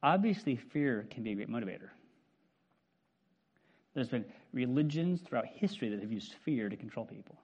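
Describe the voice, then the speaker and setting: A man in his fifties preaching a sermon in a conversational, animated way, often checking in with "right?". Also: medium pitch, moderate pace, pauses often, breathy edge, highs cut off. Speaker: pastor.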